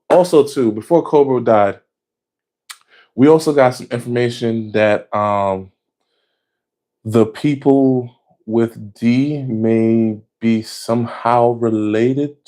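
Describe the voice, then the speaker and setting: A man casually recapping anime episodes in a slangy, excitable way, swearing freely and jumping up in pitch when he gets worked up. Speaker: anime reaction vlogger.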